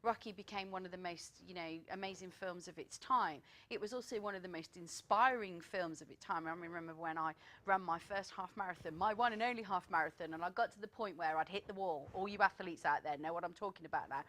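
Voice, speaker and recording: A woman hosting a casual chat, telling an inspiring story in a lively storytelling manner. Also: fairly low pitch, fairly quick, few pauses. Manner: storytelling, animated when excited.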